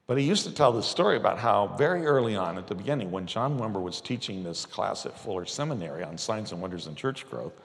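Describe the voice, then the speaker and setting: A man's voice: fairly low pitch, gravelly, big-room sound. A man preaching a conversational sermon, telling stories with acted-out quotes. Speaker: pastor. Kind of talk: sermon teaching with storytelling.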